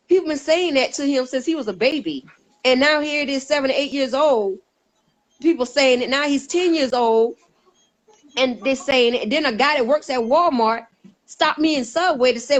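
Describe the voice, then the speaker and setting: A woman's voice: sits high, low-quality recording. A woman giving a personal testimony as a guest, telling her story earnestly and emphatically and acting out the dialogue she quotes.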